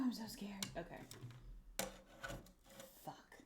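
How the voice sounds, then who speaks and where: A woman's voice: medium pitch, expressive, a little fast, vocal fry, long pauses, background noise. A woman chatting on a casual livestream while she builds a craft piece, nervous, swearing often and talking to herself. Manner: talks to herself and the objects. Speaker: streamer.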